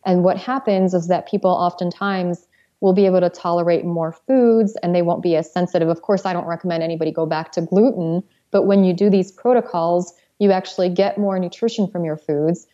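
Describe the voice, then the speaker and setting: Mellow woman explaining treatments. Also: fairly low pitch, steady tone, a little fast, lo-fi sound. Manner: explanatory, matter-of-fact. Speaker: guest, pharmacist. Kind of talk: interview answers.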